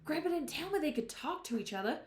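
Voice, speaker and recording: A woman voicing an excited young country boy. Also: sits high, fast talker, voice pushed up. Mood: hushed excitement. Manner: hushed, urgent talking to his dog. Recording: roomy echo.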